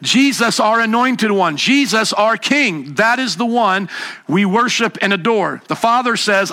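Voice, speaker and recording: A man preaching with emphasis, his voice sitting high for a man. The tone is bright and forceful, and he sometimes slips into a mocking higher pitch to mimic scoffers. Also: normal speed. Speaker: pastor. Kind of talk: sermon.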